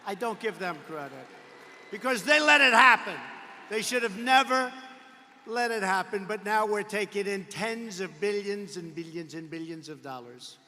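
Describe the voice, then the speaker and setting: A man giving a boastful, repetitive rally speech full of mocking asides and sudden bursts of shouting. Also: high-pitched, normal speed. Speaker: politician addressing a campaign rally. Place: large indoor arena rally. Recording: long arena reverb.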